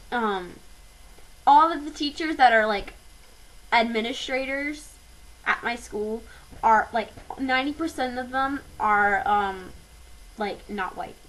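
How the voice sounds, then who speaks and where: A woman's voice: a little high, fairly bright tone, low-quality recording. A teenage girl ranting into her webcam in a fired-up vlog, with lots of fillers and hesitations. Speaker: vlogger.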